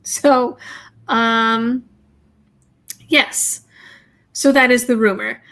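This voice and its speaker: A woman's voice: fairly high pitch, fairly even intonation, extremely slow, fairly bright tone. A woman hosting a casual livestream, chatting bluntly and rambling while reading viewer messages. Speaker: livestream host reading viewer super chats.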